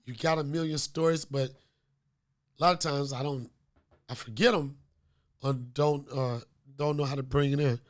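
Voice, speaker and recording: In a casual comedic podcast chat, a male host who is recovering from a cold rambles through stories with plenty of fillers and profanity. His mid-range voice stays fairly even in intonation, and he speaks unhurriedly with long pauses.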